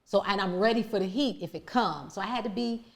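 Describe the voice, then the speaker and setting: A woman with a deep voice, telling her life story as a podcast guest in an earnest, searching way with many restarts. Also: quick pace. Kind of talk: reflective conversational storytelling.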